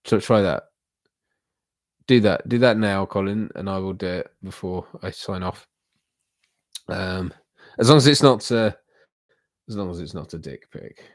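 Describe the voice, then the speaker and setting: A man's voice: low-pitched, a little slow, long pauses, dry recording, studio quality. A man hosting a casual livestream, chatting loosely with viewers in a rambling, self-deprecating way. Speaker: livestream host.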